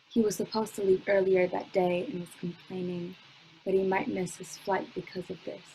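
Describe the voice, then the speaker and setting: A young adult woman with a medium-pitched, gravelly voice reads her own spoken word poetry at a measured pace with long pauses, chatting with fillers between poems. She's on a computer mic on a video call from home, and the rough recording has slight background noise.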